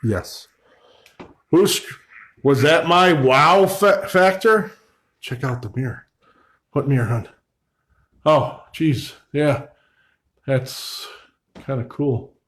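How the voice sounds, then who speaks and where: A man investigating an old house alone, talking in a hushed, startled way and asking questions of spirits. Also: mid-range voice, slow pace, pauses often. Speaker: paranormal investigator. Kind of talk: solo ghost-hunting commentary.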